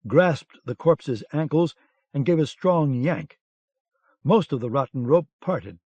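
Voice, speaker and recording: A man narrating an audiobook with a measured, dramatic reading, recorded on a dull lo-fi cassette. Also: medium pitch, a little mellow, dry recording.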